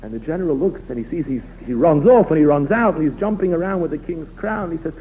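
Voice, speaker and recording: A man, a rabbi, giving an expressive sermon full of stories. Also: on the high side, fast, breathy edge. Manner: storytelling, expressive, emphatic. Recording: tinny phone-line recording.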